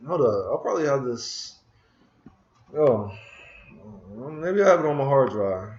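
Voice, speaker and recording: Slow-talking man coding, roomy dull audio. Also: mid-range voice, big pitch swings, a little mellow, a little hiss or hum. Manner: frustrated, muttering to himself while searching. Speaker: programming screencast host. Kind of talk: casual live coding talk. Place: room at a computer. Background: keyboard typing and clicking.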